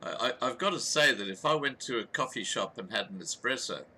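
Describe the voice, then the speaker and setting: A man's voice: medium pitch, lively intonation, fairly quick, pushed and bright, slight background noise. A man hosting a live panel, interjecting comments and starting his sentences over when he hesitates. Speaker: show host.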